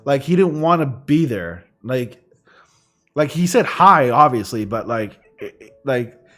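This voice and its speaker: A man's voice: medium pitch, sing-song, a little slow, fairly bright tone, faint music behind. A man hosting a gaming livestream, chatting casually in a rambling way, full of fillers. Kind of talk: casual chat while streaming. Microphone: studio condenser microphone.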